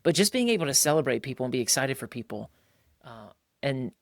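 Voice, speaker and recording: Man, casual podcast co-host, lively, imitates voices in quotes, calls people bro, mid-pitched voice, dry close sound. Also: a little fast, vocal fry, no echo. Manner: animated, mimics other people's voices when quoting them; colloquial, calls listeners "bro".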